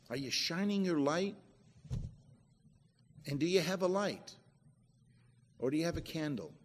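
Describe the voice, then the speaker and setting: Delivering a sermon, a high-voiced male preacher addresses his audience in a conversational way, pressing them with rhetorical questions and reading scripture verses between points. A long, hall-like reverb trails his voice, along with a slight hiss or hum.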